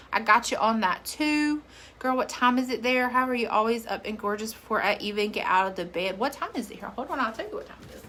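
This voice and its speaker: A woman hosts a casual live stream. She chats freely, reads viewer comments out loud and laughs often. Her voice is bright and forward. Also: on the high side. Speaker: makeup seller livestream host.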